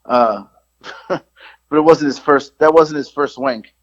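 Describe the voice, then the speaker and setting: A man co-hosting a podcast, telling stories in casual chat, swearing freely and jumping up in pitch when he quotes himself. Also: takes it slowly, dry recording. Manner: animated storyteller, jumps high when quoting himself, swears freely. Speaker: podcast co-host. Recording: slightly dull lo-fi sound.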